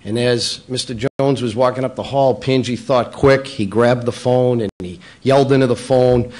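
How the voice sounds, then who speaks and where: Brief: middle-aged man roasting local officials, playful, jokey, mid-pitched, in a banquet room. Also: steady tone, normal speed, hardly any pauses, darkish tone. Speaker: local politician speaking at a breakfast. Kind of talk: roast-style joke telling. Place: banquet room at a public breakfast.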